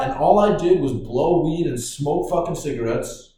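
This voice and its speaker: A man hosting a podcast, ranting casually in a profane, excitable way. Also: a little high, normal speed. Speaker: podcast host. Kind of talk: casual rant. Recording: very echoey room.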